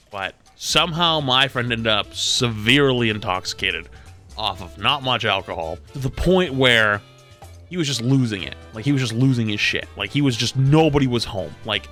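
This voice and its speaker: A young man in his twenties, a streamer casually telling a story, animated and profane, often getting loud. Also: mid-range voice, normal speed, faint music behind. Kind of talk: casual storytelling while gaming.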